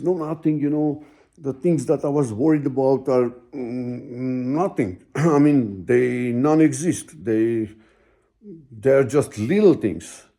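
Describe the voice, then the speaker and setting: Man, storyteller. Very dark, mellow tone, middle pitch; heartfelt, rambling, casual asides. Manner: rambling, heartfelt, full of "you know" and "man". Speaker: vlogger telling his own story.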